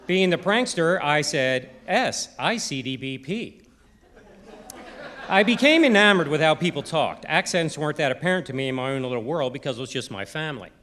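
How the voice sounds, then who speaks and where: A man's voice: fairly high pitch, expressive, fast talker, hardly any pauses, fairly bright tone, some chatter behind. A middle-aged man from Maryland with a Baltimore accent, giving a humorous timed stage talk and imitating other people's voices. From Maryland, USA. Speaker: presentation speaker. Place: arts center stage before a live audience.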